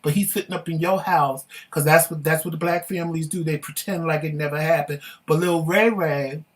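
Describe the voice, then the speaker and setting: A man co-hosting a casual talk show, telling stories emphatically and indignantly, then running through promos briskly. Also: a little high, steady tone, recorded from a distance.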